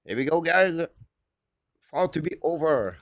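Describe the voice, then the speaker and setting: A man calling a hockey game live as a fan play-by-play commentator, in rapid, clipped, broken phrases with eager, apologetic asides, speaking into a headset mic. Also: on the high side, animated, no echo. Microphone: headphones with mic.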